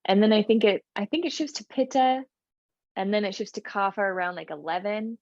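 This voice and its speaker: A woman's voice: mid-range voice, a little fast, a little mellow, no echo, lo-fi sound. A young woman co-hosting a podcast, chatting casually with lots of fillers, restarts and laughs. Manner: rambling, many fillers and restarts, laughs often. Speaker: podcast co-host. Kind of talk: casual chat.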